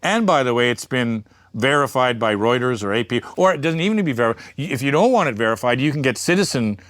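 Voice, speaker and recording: A media entrepreneur gives a candid interview as a guest, talking bluntly and emphatically, swearing freely, and wandering into asides. His medium-pitched voice is expressive and quick, a bit bright, on a dry recording.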